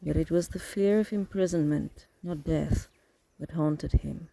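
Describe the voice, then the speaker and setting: A man narrating an audiobook chapter in a steady, even reading. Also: a little high, a little slow, vocal fry, dry recording, poor audio. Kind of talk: scripted narration.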